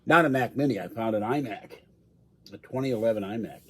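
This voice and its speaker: With a husky, fairly low voice and a fairly quick delivery, a man hosts a casual livestream indoors at home. He wanders from story to story and laughs frequently.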